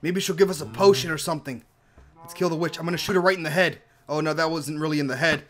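A young man giving casual let's-play commentary while gaming, excitable and gushing, often repeating himself. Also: on the high side, fast. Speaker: gaming YouTuber.

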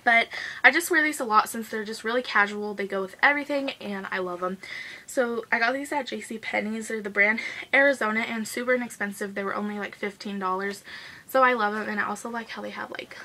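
A young woman chatting quickly and gushingly in a casual favorites vlog, filling her talk with "like" and "guys". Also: medium pitch, pushed and bright, poor audio. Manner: gushing, fast-talking, says "like" and "guys" a lot. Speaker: beauty vlogger.

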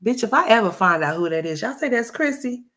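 A woman's voice: fairly high pitch, lively intonation, brisk, slight background noise. Woman commentary host, brash and foul-mouthed. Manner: brash, profane, loud laughing rants. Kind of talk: reaction commentary.

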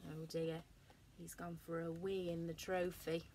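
A woman teacher with a British accent reading a picture book aloud to young children in a slow, gently lively way. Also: lowish voice, background noise. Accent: British English. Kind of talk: storybook read-aloud.

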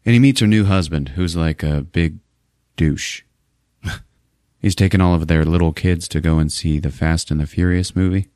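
A man's voice: deep voice, moderate pace, darkish tone, dry recording, clean studio sound. A man hosting a podcast, casually recapping a movie with lots of swearing and laughing. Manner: profane, laughing often. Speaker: podcast host.

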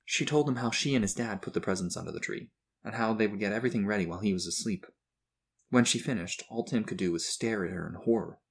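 A man with a low-pitched voice reads a children's story aloud in a measured, expressive way. His tone is husky and somewhat breathy. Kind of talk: storybook narration.

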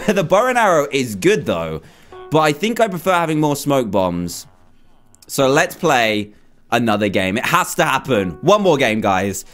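A young man commentating live on his own gameplay, excitable and quick to exclaim, often repeating himself. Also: medium pitch. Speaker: gaming YouTuber.

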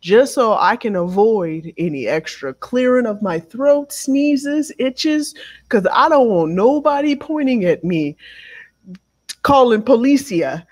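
A woman co-hosting a casual podcast, telling stories in an animated, joking way over a remote call from abroad. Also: on the high side. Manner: drawn-out, animated storytelling. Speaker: podcast co-host. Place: home abroad.

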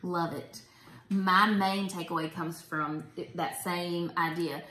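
A woman's voice: on the low side, steady tone, takes it slowly, pushed and bright. A woman hosting a casual Bible study talk, chatty and enthusiastic. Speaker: host. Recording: roomy echo.

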